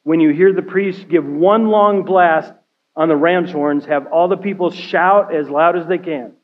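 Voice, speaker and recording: A man preaches in a high, light voice, talking to his church more than lecturing it. He keeps checking in with "right?" and "okay?" as he goes. The recording is dull and a little lo-fi, as if captured in a church sanctuary. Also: measured pace. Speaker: care pastor. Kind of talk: sermon.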